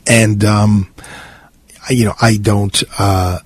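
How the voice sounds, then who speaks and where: Middle-aged New York man, radio host, lowish raspy voice, halting casual monologue. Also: flat delivery. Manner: rambling, halting, many fillers and restarts. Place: radio studio.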